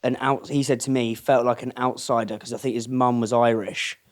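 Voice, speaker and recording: A man's voice: medium pitch, steady tone, fairly quick. A man hosting an informal interview, asking questions loosely with lots of filler words. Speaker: podcast host. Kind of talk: casual interview.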